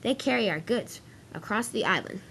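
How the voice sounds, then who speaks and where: A woman voicing a calm male train engine who patiently teaches a newcomer. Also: medium pitch, moderate pace, creaky, slight background noise.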